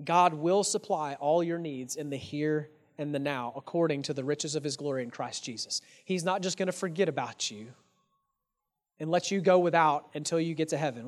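Speaking at normal speed with a slightly high voice, a man preaches earnestly as a pastor in church. He speaks to the congregation casually and directly, putting rhetorical questions to them.

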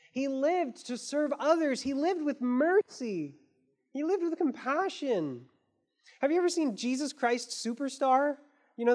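Lady pastor preaching, high voice, earnest but casual, lots of "like". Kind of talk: sermon.

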